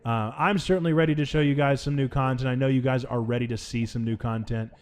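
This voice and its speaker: A young adult man hosting a let's play, talking over the game in playful mock outrage with big swings in pitch. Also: fairly even intonation, fast talker, a little mellow, slight background noise. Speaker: gaming channel host.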